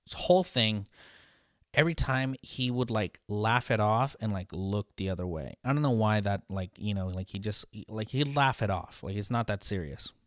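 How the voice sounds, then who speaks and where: A young man with a lowish voice vents about a run-in at his job, swearing often and restarting his sentences as he acts out both sides of the exchange. The recording is dry and close, with no room sound at all. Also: lively intonation, normal speed, no room sound. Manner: frustrated, profane, rambling with restarts and quoted exchanges. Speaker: podcast host, line cook. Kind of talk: casual storytelling rant.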